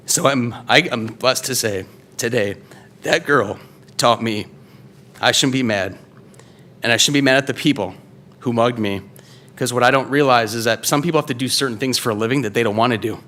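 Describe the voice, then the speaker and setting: Bright-voiced man telling a story onstage. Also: mid-range voice, brisk, a little hiss or hum. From Wisconsin, US. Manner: loose, conversational, many fillers and restarts. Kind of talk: live first-person storytelling. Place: live stage before an audience.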